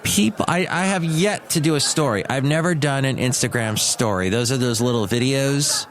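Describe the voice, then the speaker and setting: Man, mid-pitched, chatty solo podcaster who wanders off on tangents. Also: moderate pace. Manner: rambling, chatty, digressive. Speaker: podcast host and radio DJ. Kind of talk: casual solo podcast monologue.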